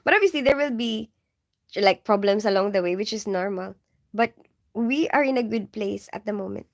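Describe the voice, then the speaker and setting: A woman's voice: medium pitch, moderate pace. A woman from the Philippines with a mixed Filipino and English accent, a nurse chatting casually on a livestream, giggling often and leaning on "like" and "you know". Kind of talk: casual livestream chat reading viewer questions.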